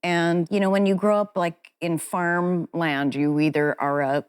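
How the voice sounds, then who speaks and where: A woman's voice: on the low side, fairly even intonation, measured pace, clear, resonant tone. A woman speaking as an interview guest, telling personal stories in a frank, chatty, self-deprecating way. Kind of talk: candid conversational storytelling.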